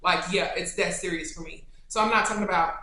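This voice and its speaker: A young adult woman vlogger answering questions in a casual, chatty, animated way. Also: lowish voice, fast. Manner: chatty and animated, turning tender and choked up. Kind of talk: casual Q&A chat to camera. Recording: echoey room.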